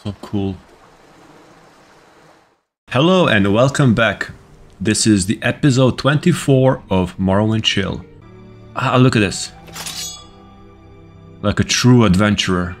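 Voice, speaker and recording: Man, casual gameplay commentary, excitable, swears, unhurried, deepish voice. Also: over music. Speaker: gaming video host.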